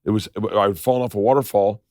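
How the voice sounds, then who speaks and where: A man's voice: fairly low pitch, fast, no room sound, studio quality. A middle-aged man hosting a podcast, telling stories in casual chat and acting out the voices of the people he quotes. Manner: animated, acts out quoted voices. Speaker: podcast host.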